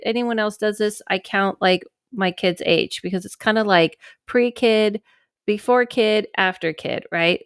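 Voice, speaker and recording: A woman hosts her podcast in a loose, rambling chat, catching and correcting herself as she goes. Her voice is smooth and clean, at a middle pitch, and recorded dry and close with no room echo. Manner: chatty and rambling, with frequent asides and self-corrections. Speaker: podcast host and psychic medium. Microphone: camera microphone.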